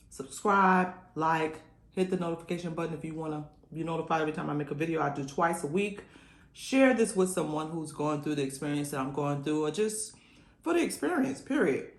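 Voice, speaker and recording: A woman's voice: low voice, reverberant. A woman vlogger chatting casually to camera while eating, talking with her mouth full and humming over the food, saying y'all often. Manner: folksy, says y'all often.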